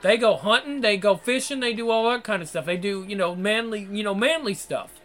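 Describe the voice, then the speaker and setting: His high-pitched, fairly bright voice moves fairly quickly through a profane monologue. He's crude, repetitive, and exasperated, swearing at his viewers throughout.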